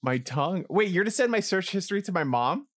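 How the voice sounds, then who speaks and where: A man co-hosting a casual podcast, excitable and jumpy, swinging from mumbles to yelps. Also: sits high, fairly quick. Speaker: podcast co-host. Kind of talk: casual chat.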